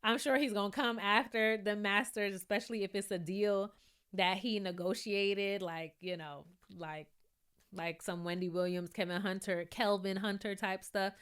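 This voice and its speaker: A woman's voice: mid-range voice, normal speed, clean tone. A woman giving a casual, chatty recap and commentary, laughing often and acting out quotes from the show. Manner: chatty, animated, often laughing and quoting people. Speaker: YouTube reviewer.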